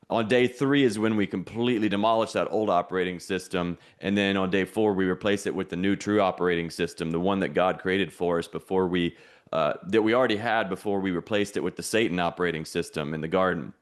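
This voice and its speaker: Low voiced guy preaching at his online group, repeats himself a lot, asks them to answer back. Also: fairly quick. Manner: preachy, repetitive, call-and-response. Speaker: host of an online challenge. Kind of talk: motivational teaching.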